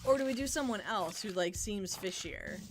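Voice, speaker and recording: A woman's voice: medium pitch, animated, normal speed. A woman streamer thinking aloud in casual gameplay commentary. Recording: game music behind.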